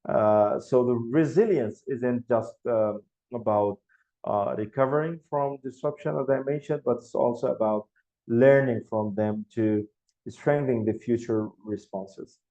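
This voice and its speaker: A man's voice: mid-range voice, unhurried, warm tone. A man giving an academic presentation, full of filler sounds and restarts. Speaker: lecturer. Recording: dull lo-fi sound.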